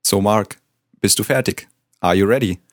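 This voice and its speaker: A young man from Bavaria with a German accent, tutoring as a native speaker and giving short, clear model pronunciations. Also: on the low side, normal speed, dry recording, clean studio sound.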